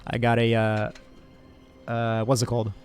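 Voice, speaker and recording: A man's voice: mid-range voice, normal speed, faint music behind. Chill young guy streaming games, rambles to chat, thanks everyone, medium voice. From Brazil. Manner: relaxed, rambling, thanks chat by name, frequent laughs and fillers. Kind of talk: casual live-stream chat with viewers.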